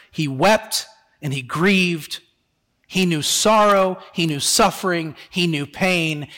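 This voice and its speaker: In a church sanctuary full of long reverb, a male pastor with a high, expressive voice gives a sermon. Solemn words come out soft and slow, while his rhetorical questions to the congregation rise in pitch.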